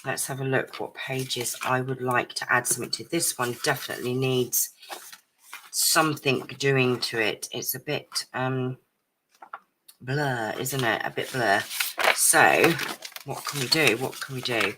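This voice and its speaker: A woman chatting through a craft live stream at her home desk, a little croaky and out of breath, with lots of ums. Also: rumbling low, measured pace, background noise. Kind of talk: casual craft chat.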